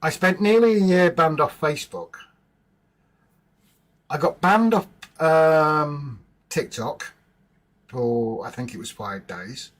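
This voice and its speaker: A man's voice: fairly high pitch, fairly bright tone, rough recording. A man hosting a casual livestream from home, chatting informally with viewers in the chat and bantering with his partner. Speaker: livestream host.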